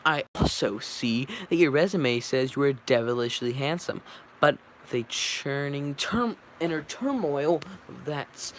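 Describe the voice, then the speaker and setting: A man's voice: mid-range voice, lively intonation, a little slow, slight background noise, close to an everyday voice. A man voicing a brash young male bee lawyer, reading stumblingly with slips and restarts. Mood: cross-examining.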